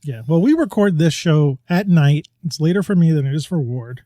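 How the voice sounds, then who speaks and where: Mellow-voiced, chatty man hosting a podcast. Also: a little high, expressive, moderate pace, no room sound, clean studio sound. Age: middle-aged. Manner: chatty, rambling, laughs often. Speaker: podcast co-host. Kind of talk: casual chat. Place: home, New York.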